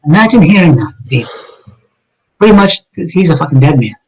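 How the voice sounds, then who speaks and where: Guy, middle-aged, telling his story hard and blunt, swears a lot, voice sits a bit high. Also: sing-song, moderate pace, breathy edge, poor audio. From Massachusetts, USA. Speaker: guest, retired police detective. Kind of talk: personal story told in an interview.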